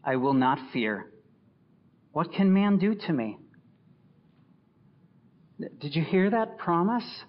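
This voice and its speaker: A man preaching a sermon with a slightly high voice and a slow, deliberate delivery. He builds up loud for scripture and sinks low and soft for reflection. The recording sounds a little dull and lo-fi. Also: big pitch swings. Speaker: pastor.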